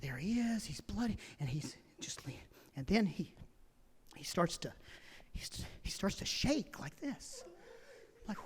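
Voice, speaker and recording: A middle-aged man doing stand-up storytelling, animated, swinging between loud shouting and hushed whispers. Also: very high-pitched, unhurried. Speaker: stand-up comedian. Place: large theater stage. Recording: reverberant theater sound.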